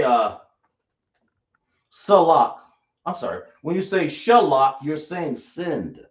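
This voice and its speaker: A man teaching a class live, explaining slowly and repeating himself as he checks that everyone follows. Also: fairly high pitch. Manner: slow, repetitive explaining, checking the class often. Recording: echoey room, dull lo-fi sound.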